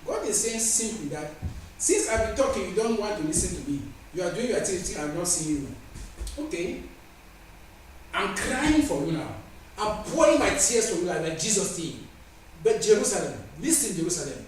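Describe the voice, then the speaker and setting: High, animated preacher man in an echoey room. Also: moderate pace. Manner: emphatic, pleading, laughs between phrases. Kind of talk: sermon with scripture reading. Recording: very echoey room, distant mic, faint noise.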